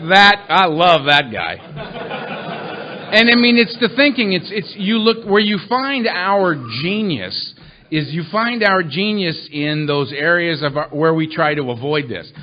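A man's voice: high-pitched, normal speed. A man speaking at a recovery meeting, telling humorous stories about himself and acting out the people in them. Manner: self-mocking, animated, acts out quotes. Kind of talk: humorous storytelling talk. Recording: muffled lo-fi recording.

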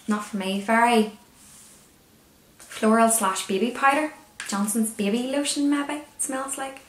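With a higher-pitched, unhurried delivery full of pauses, this Northern Irish woman talks through beauty products in a relaxed, wry way. Her voice echoes around a roomy space.

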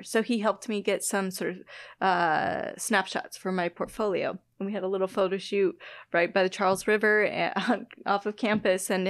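A woman's voice: mid-range voice, no echo. A woman from the Midwest of the United States, a guest scientist chatting casually, often laughing and poking fun at herself. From Midwest US, Illinois-Wisconsin border. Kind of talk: casual conversation.

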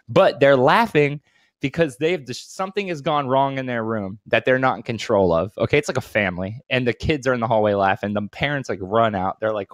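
A man's voice: on the high side, fairly quick, dry recording, studio quality. A man co-hosting a casual podcast, telling stories animatedly, swearing often and acting out voices. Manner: animated storytelling, swears a lot, acts out voices. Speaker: podcast co-host. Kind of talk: casual chat.

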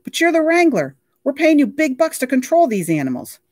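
A reader voicing a vain, blustering male TV wildlife star with a shrill, petulant voice. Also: unhurried, dry recording, clean studio sound. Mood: indignant.

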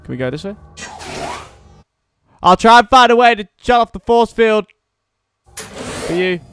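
A man giving goofy, swearing let's-play commentary, shouting during fights. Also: sits high, animated, measured pace, clean tone, dry recording. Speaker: gameplay commentator.

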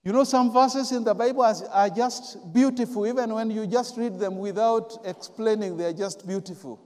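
High-voiced pastor preaching in echoing hall. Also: male voice, moderate pace. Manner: emphatic, repeats key words, swings from quiet to loud. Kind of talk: sermon. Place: large church hall. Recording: long church hall reverb.

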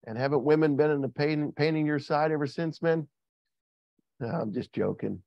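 A man's voice: moderate pace, creaky, no echo, lo-fi sound. A man preaching a sermon as pastor, joking and asking the congregation questions. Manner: joking, asks the congregation questions, lively swings in pitch. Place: church. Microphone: video call recording.

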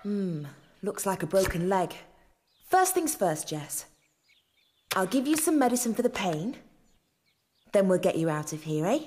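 A woman's voice: mid-range voice, very animated, unhurried, pauses often, noisy background. A woman voicing a kind, caring young vet in a children's cartoon, speaking in a soothing, reassuring way with a British accent. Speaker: vet character. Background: music.

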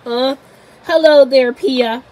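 Lady putting on a nervous little lady, quiet and unsure, high-ish and slow. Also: low-quality recording. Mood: worried. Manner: hesitant, soft, with many ums. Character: worried, soft-spoken little lady.

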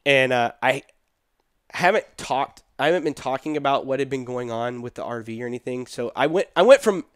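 A man's voice: mid-range voice, brisk, smooth, no echo. Man telling a story, dry sound. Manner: animated, quotes people in his story, laughs between. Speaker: guest telling his story. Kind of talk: casual storytelling.

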